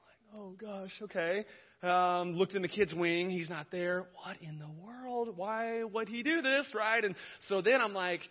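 A young male youth pastor preaching in a lively storytelling way, acting out the voices of everyone in his story with self-deprecating humor. His voice sits a little on the high side. The recording sounds muffled and lo-fi. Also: measured pace, hardly any pauses. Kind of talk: storytelling sermon.

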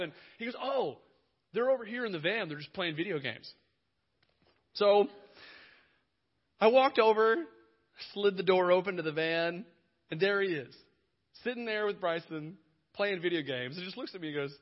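A man's voice: a little high, animated, a little fast. A young man, a youth pastor, telling a funny story in a sermon, acting out dialogue with self-deprecating humor. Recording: muffled lo-fi recording.

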